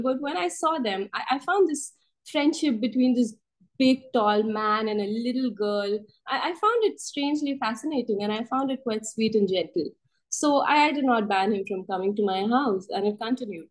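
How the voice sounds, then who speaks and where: A woman telling a story in the first person as a storyteller in a workshop, raising her pitch for the voices she quotes. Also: animated, normal speed, poor audio.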